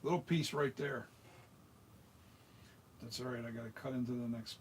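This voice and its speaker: With a steady tone and a mid-range voice at normal speed, a middle-aged South Jersey man talks while making a mask, and there's slight background noise. His casual workshop chat rambles, with restarts and muttering to himself.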